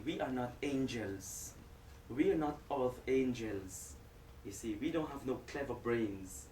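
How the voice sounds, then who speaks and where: Speaking to a hall full of listeners, this male Islamic preacher delivers an energetic talk, joking and talking straight to the crowd. His pitch sits in the medium range, and there's slight background noise, with the mic set far back in an echoey room.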